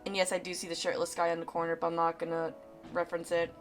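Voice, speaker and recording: A woman's voice: on the low side, monotone, fast talker. A woman streamer casually commenting while she plays a game, joking crudely and laughing often. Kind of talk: let's play commentary. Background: faint game music.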